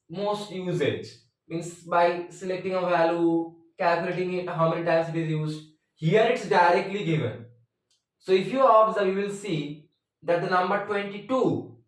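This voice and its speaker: A chatty man walks students through a math lesson, cracking jokes and slipping in "means" between phrases. His voice sits a little high for a man. It is recorded in a very echoey room, some distance from the mic. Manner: chatty, joking asides, frequent "means" fillers. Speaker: math teacher. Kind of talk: casual math tutorial.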